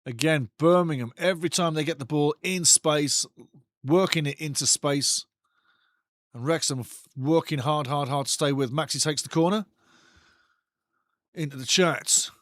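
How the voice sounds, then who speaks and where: A man hosting a live football watch-along, commentating excitedly on the match and chatting with viewers' comments. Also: a little high, unhurried, pauses often, no echo, clean studio sound.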